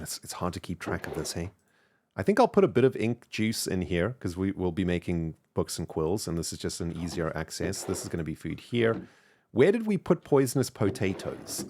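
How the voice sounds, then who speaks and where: Low-voiced guy with a south african-ish british accent, rambling through his game stream, chatty. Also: a little hiss or hum. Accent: mixed South African and British English. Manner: chatty, thanks viewers warmly, rambling with fillers. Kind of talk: casual live-stream chat while gaming.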